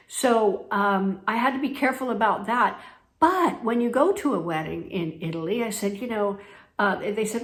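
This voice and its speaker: Woman from the US, mid pitch, chatty storyteller vlogging, room echo behind her. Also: brisk, fairly bright tone. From United States. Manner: chatty storyteller, laughs between sentences. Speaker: travel vlogger. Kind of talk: casual chat. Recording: echoey room.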